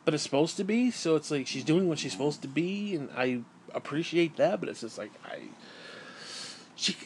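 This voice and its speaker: A man's voice: fairly high pitch, lively intonation, normal speed, slight background noise. A man delivering an angry, profane rant, sighing and restarting his sentences as he vents. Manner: profane, exasperated, rambling with restarts and sighs. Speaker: gaming and wrestling commentator.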